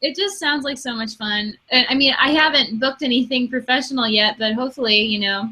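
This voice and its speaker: A woman's voice: sits high, brisk, sharp tone. A woman in her twenties from Michigan with a slight Michigan accent, chatting casually and laughing easily. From Michigan, USA. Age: 20s. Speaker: co-host. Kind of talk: casual chat.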